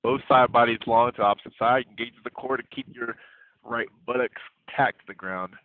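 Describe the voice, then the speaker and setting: A man leading an online yoga class, gently cueing breaths and poses in a playful way. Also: medium pitch, moderate pace, dry recording. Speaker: yoga instructor. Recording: tinny phone-like audio, dry.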